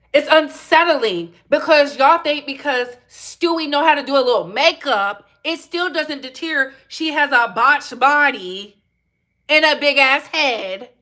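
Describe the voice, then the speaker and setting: Sassy high-voiced woman commentator. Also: bright, forceful tone. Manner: blunt, sassy, emphatic repeating. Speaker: commentary vlogger. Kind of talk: reaction commentary.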